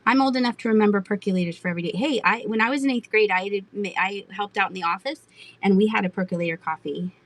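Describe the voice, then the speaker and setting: A middle-aged woman runs a live online auction, casually chatting and giggling with viewers while showing vintage items. She speaks quickly at medium pitch, and the audio is poor.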